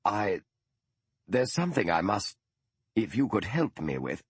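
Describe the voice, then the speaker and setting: A man reading the part of Sherlock Holmes, an earnest, shaken detective who asks halting, urgent questions. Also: lowish voice, sing-song, breathy edge, no echo, voice pushed up, full character voice.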